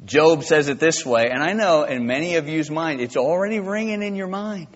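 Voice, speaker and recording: A male pastor preaching a sermon, impassioned and swinging from quiet to loud. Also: a little high, moderate pace. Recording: dull lo-fi with long church reverb.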